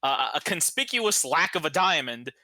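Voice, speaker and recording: A man running a tabletop game as game master, relaxed and hesitant, with frequent laughs. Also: on the high side, moderate pace.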